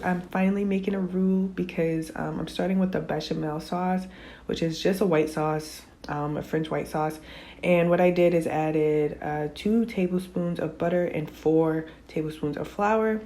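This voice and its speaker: A woman's voice: on the low side, a little slow. A young woman with a just-woken morning voice, chatting casually through a cooking voice-over. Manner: relaxed, chatty, filler-heavy. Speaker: cooking vlogger.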